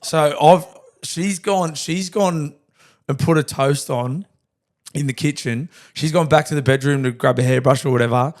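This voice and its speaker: A man's voice: a little high, normal speed, a little mellow. A young Australian man telling a long story on a podcast, swearing freely and acting out the voices of the people in it. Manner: laddish, swears a lot, acts out quoted lines. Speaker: podcast co-host. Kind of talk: casual storytelling chat.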